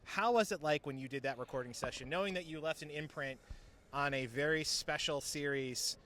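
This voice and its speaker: A man's voice: a little high, fairly quick, a bit bright, a little hiss or hum. Earnest man asking interview questions. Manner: earnest, hesitant questions with fillers. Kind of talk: convention interview. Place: convention floor.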